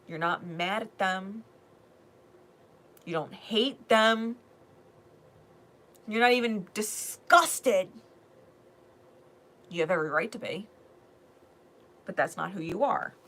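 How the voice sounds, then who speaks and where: A woman giving a spiritual card reading in a blunt, profane manner, swinging between loud emphasis and hushed asides. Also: on the low side, a little slow, pauses often. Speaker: tarot reader.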